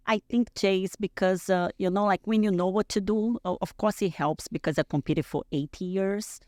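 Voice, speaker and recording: A woman's voice: fairly low pitch, steady tone, normal speed, dry recording. Chatty woman, dry sound. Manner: chatty, many fillers. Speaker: guest. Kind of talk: casual interview chat. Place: studio, podcast.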